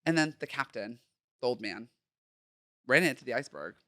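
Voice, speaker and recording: A woman's voice: extremely low pitch, sing-song, normal speed, a bit bright, no echo, clean studio sound. A woman hosting a podcast in casual chat, playful and chatty, stretching words for emphasis. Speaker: podcast host.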